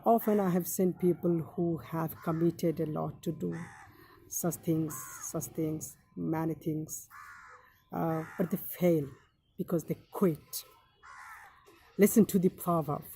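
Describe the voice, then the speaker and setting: Woman English teacher, low gravelly voice, mellow tone, measured tips-style delivery. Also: slight background noise. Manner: deliberate, repeats key phrases, many "now" openers. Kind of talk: instructional talk giving study tips.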